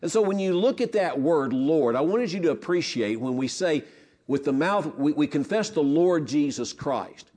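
Male Bible teacher, lively swooping delivery, slightly raised pitch, earnest and repetitive. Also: normal speed. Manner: earnest, repeats words, asks the class questions. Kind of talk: Bible lesson.

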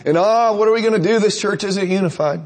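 A man's voice: high-pitched, quick pace, voice pushed up. A man preacher mimicking a cranky older churchgoer who laments everything in a whiny tone. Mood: gloomy. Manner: whiny, doom-laden complaining.

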